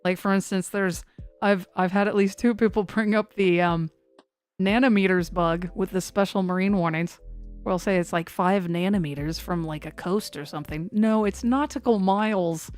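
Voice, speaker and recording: A woman's voice: lowish voice, fairly even intonation, moderate pace, soft background music. Rambling woman hosting a live stream. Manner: rambling and self-mocking, talks to chat. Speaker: live stream host tracking severe weather. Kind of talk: casual live-stream chat.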